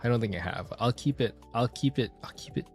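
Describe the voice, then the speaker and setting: A man streaming as a VTuber, talking in a casual, rambling and animated way. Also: mid-range voice, fairly quick, faint music behind. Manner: animated, rambling, self-deprecating.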